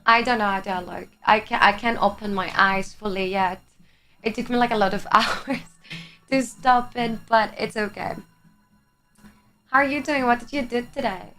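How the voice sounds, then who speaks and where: A woman's voice: medium pitch, steady tone, moderate pace, pauses often, sharp tone. A young woman from Greece whose first language is Greek, chatting with her live chat on a stream. She is chatty, laughs often and swears casually. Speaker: livestreamer. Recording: faint music behind the voice.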